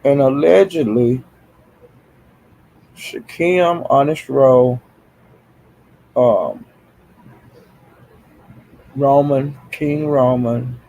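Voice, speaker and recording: Gravelly-voiced man, exasperated gossip livestream. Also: mid-range voice, drawn-out words, long pauses, mellow, poor audio. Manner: exasperated, dramatic, sighs and exclamations. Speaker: livestream host.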